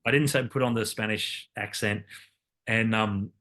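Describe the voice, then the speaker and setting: A fairly low-pitched man in his fifties, telling stories as an interview guest. He rambles, circles back and fills gaps with "um" and "you know" as he works toward his point. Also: fairly even intonation, normal speed, pushed and bright. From Australia. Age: 50s. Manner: rambling, with many fillers and repeated starts. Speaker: guest, Olympic cyclist and commentator. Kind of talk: casual interview conversation.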